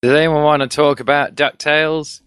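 A man's voice: on the high side, flat delivery, moderate pace, a bit bright, smooth, no echo. A man chatting casually as a podcast co-host, sarcastic and crude, enthusing about games.

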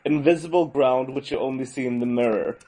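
Brief: male co-host, mid-pitched voice, casual gaming chat. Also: a little fast, crowd noise, rough recording. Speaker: stream co-host. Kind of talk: casual chat about games.

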